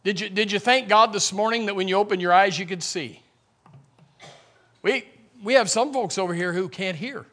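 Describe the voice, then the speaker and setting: A middle-aged man preaching a sermon in a church, animated, acting out grumbling voices and calling out to the congregation. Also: sits high, moderate pace. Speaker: pastor. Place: church sanctuary.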